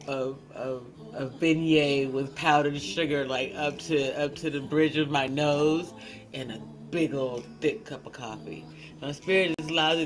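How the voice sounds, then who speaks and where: A woman hosting a casual livestream. She chats in an animated, teasing way, laughs often, and restarts her sentences a lot. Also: sits low, poor audio. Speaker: livestream host.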